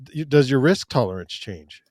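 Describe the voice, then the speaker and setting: A man's voice: mid-range voice, animated, moderate pace, a little mellow, no room sound, clean studio sound. A man co-hosting a casual finance podcast, with easygoing, joking asides. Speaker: podcast co-host.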